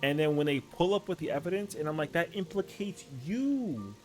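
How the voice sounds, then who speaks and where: A man game streamer in casual stream chat, slangy and animated, saying yo and bro a lot. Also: on the high side, fast, faint music behind.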